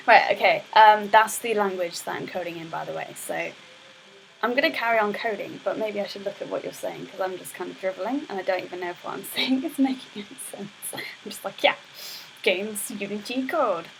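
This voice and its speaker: Her mid-range voice has a creaky edge, and faint background noise runs under the rough recording. A young game dev student, she talks loosely while streaming, rambling with plenty of fillers and restarts.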